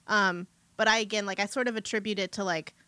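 A woman's voice: medium pitch, fairly even intonation, fast, sharp tone, clean tone, dry recording. A woman chatting casually about a movie, laughing often and trailing off mid-sentence.

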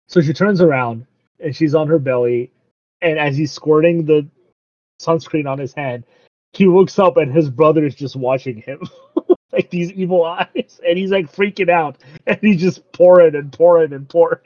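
A man casually recapping a show, laughing often and acting out the characters' lines in quick asides. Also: fairly high pitch, darkish tone, dry recording. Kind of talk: casual chat recapping an anime. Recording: dull lo-fi dry recording.

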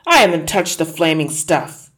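A woman voicing an angry, middle-aged father who shouts in pain and outrage. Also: low voice, very animated, normal speed.

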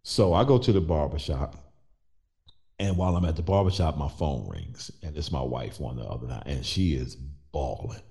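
Middle-aged man, host, animated storyteller who acts out quotes; low, mellow voice. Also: moderate pace. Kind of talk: personal storytelling in conversation.

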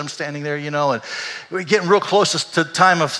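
An older man, a pastor, telling a candid and emotional personal story in a sermon, animated as he goes. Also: fairly high pitch, fairly quick, a little hiss or hum. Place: church sanctuary. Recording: echoey hall.

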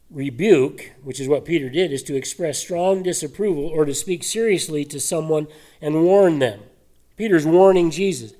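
A man preaching a sermon, animated and full of rhetorical questions and scoffing laughs. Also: on the high side, normal speed. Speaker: pastor.

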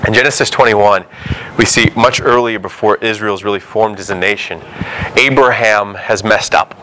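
A man preaching a sermon, telling biblical stories with animated storytelling and acting out the dialogue. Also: lowish voice, moderate pace, slight background noise, low-quality recording.

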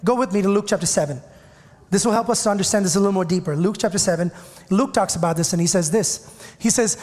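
A male pastor with a very high voice delivers an impassioned sermon, calling out to the congregation and circling back over his own phrases. His words ring out with a long reverb, as in a large church sanctuary. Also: brisk. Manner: impassioned preaching, calls out to the congregation; repeats and restarts phrases.

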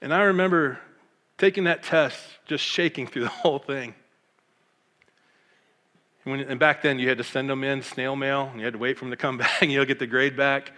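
This Michigan pastor, a middle-aged man, shares his testimony with feeling, voicing the people he quotes in a lively way. He speaks at medium pitch and a moderate pace with long pauses, and the sound suggests a big room.

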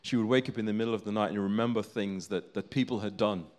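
A man with a lower-pitched voice delivers a sermon, telling a story with earnest, mounting emphasis. He speaks as a preacher to a congregation. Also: quick pace, a little mellow.

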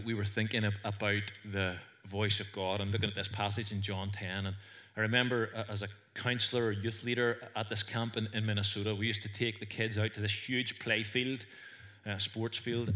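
A pastor with a Northern Irish accent preaches an earnest sermon to his congregation during a church service, telling stories with small stumbles. His voice sits on the low side, with a bright, forceful tone.

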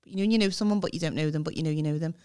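A woman's voice: deep voice, very fast, mellow, clear, resonant tone. A woman, co-hosting a podcast, telling chatty self-mocking anecdotes with some swearing. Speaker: podcast co-host. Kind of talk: casual comedic storytelling.

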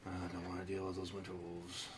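Low-voiced man playing a tabletop game. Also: completely flat delivery, brisk, a little hiss or hum. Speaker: player. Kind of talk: tabletop role-play banter.

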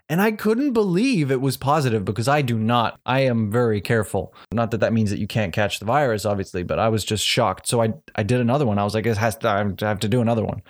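Podcast co-host: man, animated, chatty storyteller. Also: mid-range voice, brisk. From South Africa. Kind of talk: casual chat.

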